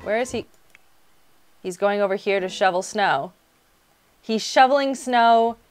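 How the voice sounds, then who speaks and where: A young woman commentating her own gameplay, bubbly and chatty, who keeps coaxing and scolding the characters on screen. Her pitch sits squarely in the middle for a woman. Soft music runs faintly under her voice. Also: animated, measured pace, long pauses. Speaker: gaming channel host. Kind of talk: let's-play commentary.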